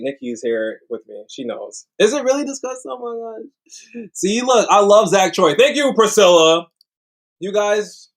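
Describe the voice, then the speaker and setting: Man, high and very lively voice, teasing, excitable, casual video chat. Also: low-quality recording. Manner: excitable and teasing, breaks into squealing laughter and loud exclamations. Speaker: co-host.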